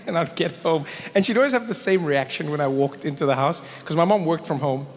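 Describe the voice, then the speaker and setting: High-voiced man doing stand-up. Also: brisk, long reverb tail. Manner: animated, playful. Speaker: stand-up comedian. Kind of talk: stand-up storytelling.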